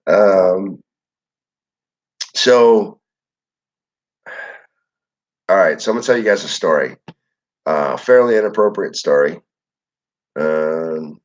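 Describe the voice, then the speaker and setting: A young, low-pitched man from Michigan, USA hosts a casual livestream and reads the chat aloud. He rambles in a relaxed way, swearing and using plenty of filler words. The audio is dull and lo-fi.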